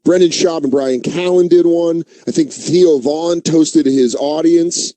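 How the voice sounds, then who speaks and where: A man's voice: fairly high pitch, unhurried, no room sound. Joking male radio co-host. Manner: joking, animated impressions of friends. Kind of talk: casual comedy banter.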